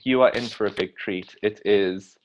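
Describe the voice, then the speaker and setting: A young South African man chatting as a podcast guest, quick and jokey, peppering his talk with "like". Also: lowish voice, slight background noise, rough recording. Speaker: podcast guest, pop artist. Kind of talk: casual chat.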